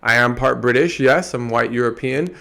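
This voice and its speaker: A podcast host from Antigua, his accent carrying an American tinge, speaks at normal speed in a bright, forceful, medium-pitched voice with vocal fry. His reflective monologue wanders as he talks through ideas, often restarting.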